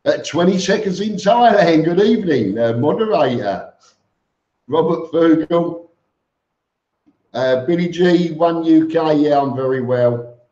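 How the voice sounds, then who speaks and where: Slow-talking man hosting a live stream. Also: fairly high pitch, expressive, dark tone. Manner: greets viewers by name, chatty. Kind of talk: casual live stream chat reading comments. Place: home room with fans on. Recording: echoey room, dull lo-fi sound.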